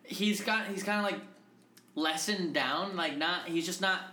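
A man's voice: high voice, a little slow, bright, forceful tone. A young man co-hosting a podcast, telling stories in casual, profane chat, laughing and acting out quotes. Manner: laughing, profane storyteller who acts out quotes. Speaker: podcast co-host. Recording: echoey room with faint noise.

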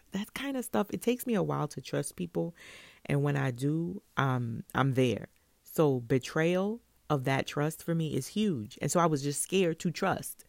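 Gravelly, animated New woman. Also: sits low, no echo. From Brooklyn, New York. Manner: animated, expressive, laughs often. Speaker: hairstylist. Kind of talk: casual storytelling monologue.

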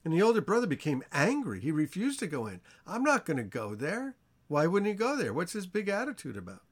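A man teaching an informal Bible study sermon in a conversational way, asking his listeners questions and acting out the characters' lines. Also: fast talker. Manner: animated storytelling, acts out the characters' lines with rising pitch.

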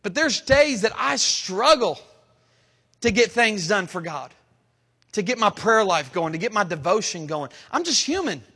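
A man pastor preaching a sermon, rising into emphatic, dramatic lines and pausing between phrases. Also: high-pitched, big pitch swings, pushed and bright, husky. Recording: long hall reverb.

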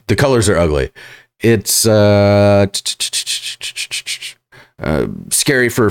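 A man hosting reaction commentary, sarcastic and halting, full of fillers and restarts. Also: low-pitched, smooth. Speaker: commentary host.

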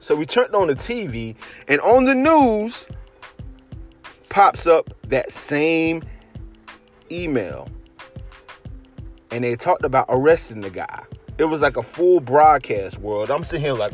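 Man, casual storyteller, slangy, lively delivery, faint music in the background. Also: on the high side, a little slow, long pauses. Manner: animated, slangy, acts out friends' voices.

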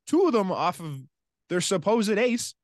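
A man co-hosting a sports podcast, talking in a casual, animated way with quick asides and frequent laughter. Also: high-pitched, dry recording, clean studio sound. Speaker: podcast co-host.

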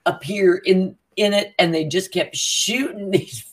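An unhurried co-host with a lowish, slightly rough voice relates a long story in relaxed conversation. She's animated, giving voice to the people she quotes and laughing frequently.

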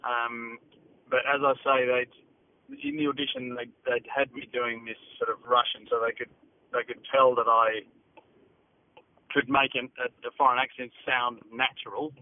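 A man's voice: medium pitch, animated, normal speed. A middle-aged man from England with an Australian accent, recalling his acting work in a hesitant phone interview full of fillers. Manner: hesitant, many fillers and restarts. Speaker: interview guest, actor. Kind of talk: phone interview, casual recollection. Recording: tinny phone line.

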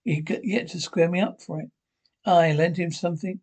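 An actor with a Scottish accent playing a blunt, grumbling elderly pensioner in a sitcom, with a husky voice. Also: male voice, high voice, normal speed, darkish tone. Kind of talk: sitcom acting.

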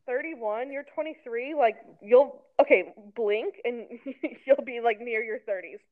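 A woman's voice: fairly high pitch, a little slow. A woman in her twenties, co-hosting a casual recap podcast in a chatty, sarcastic way, with lots of "like.". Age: 20s. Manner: chatty, sarcastic, heavy use of "like". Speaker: podcast co-host. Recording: tinny phone-like sound.

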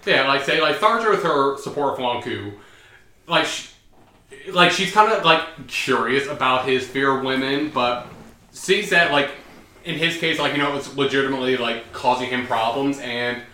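A man's voice: mid-range voice, normal speed, bright, forceful tone. Rambling podcast guy in an echoey room. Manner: rambling, filler-heavy. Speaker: podcast co-host. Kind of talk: casual chat.

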